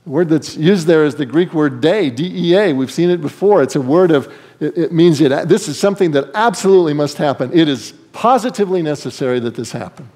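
A man's voice: on the high side, lively intonation, fairly quick, darkish tone. A man preaching a sermon as pastor, asking rhetorical questions and shifting his emphasis.

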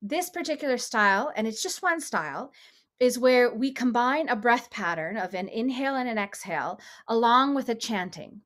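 A woman leading a meditation session, talking gently and casually with frequent small laughs. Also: fairly high pitch, expressive, normal speed. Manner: gentle, chatty, laughs often. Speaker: meditation leader. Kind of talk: guided meditation instruction.

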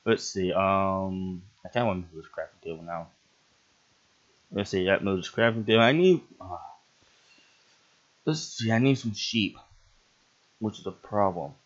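Guy narrating his game, lowish voice, laughs a lot, yelps when stuff happens, muffled cheap mic. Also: unhurried, long pauses. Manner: excitable, laughs often, bursts into yelps. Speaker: gaming channel host. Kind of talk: gameplay commentary.

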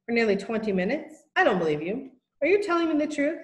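A woman voicing a strict, no-nonsense female teacher who reproves pupils briskly, in a storybook reading. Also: a little high, very animated, echoey room, pitched above the performer's own voice. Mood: reproving.

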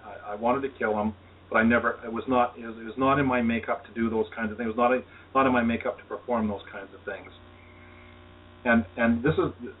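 A man, an energy healer, telling his personal story in an earnest, reflective way as an interview guest. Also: medium pitch. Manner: earnest, reflective, talks of spirituality. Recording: tinny phone line, distant, faint hiss.

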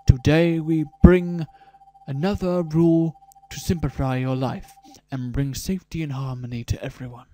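A pompous council announcer in a video game proclaims the new laws, performed by a man who reads it aloud in a slightly high voice. He stumbles and restarts over the long formal words. The delivery stays stiff and official. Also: mellow, slight background noise, lightly acted.

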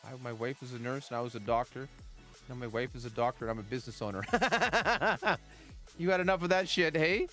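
A middle-aged man, chatting with his live chat while giving game commentary, swinging from calm tips to loud outbursts. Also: medium pitch, brisk, soft background music. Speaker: gaming livestreamer.

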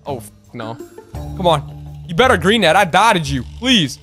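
A young man giving live, excitable gameplay commentary, swearing and pleading with his teammates. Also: high-pitched, a little slow, music in the background. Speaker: gaming YouTuber.

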